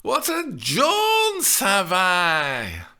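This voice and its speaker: A woman's voice: medium pitch, wildly swooping pitch, very slow, sharp tone, voice pushed up, exaggerated voice. A man voicing a tired, grumpy older woman with a Lancashire accent, playing a nurse. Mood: weary. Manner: tired, grumbling, snappish.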